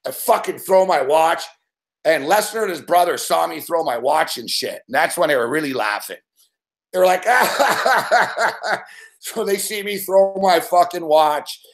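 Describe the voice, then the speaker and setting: Foul-mouthed dude rambling through a story, kinda high voice, growls and laughs it out. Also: male voice, normal speed, vocal fry. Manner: swears constantly, rambling, acts out growls and laughs. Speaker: show regular telling a story. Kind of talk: casual profane storytelling.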